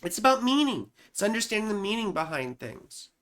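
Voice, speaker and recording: A woman's voice: medium pitch, sing-song, brisk, fairly bright tone. A woman astrologer explaining horoscopes in a loose, chatty way, often saying "you know" and "right?".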